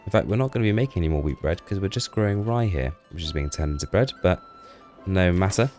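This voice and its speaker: A man's voice: deep voice, expressive, fast talker, a little mellow, faint music behind. A man giving casual, chatty gameplay commentary, talking to the little townsfolk on screen with a self-deprecating manner. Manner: chatty, self-deprecating, talks to game characters.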